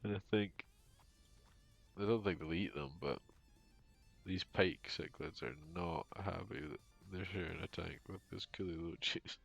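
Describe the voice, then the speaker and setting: An unhurried, low-pitched voice with vocal fry and a bit of brightness belongs to a man streaming a game from home on a headset. The young father rambles casually, packing in fillers and dry jokes, while music plays behind the dull lo-fi sound.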